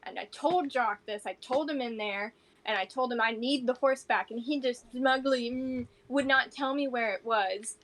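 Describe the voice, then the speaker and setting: A woman's voice: fairly high pitch, moderate pace, fairly bright tone, natural voice. A woman voicing a guilt-ridden woman adventurer who pleads in rambling, run-on sentences. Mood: pleading.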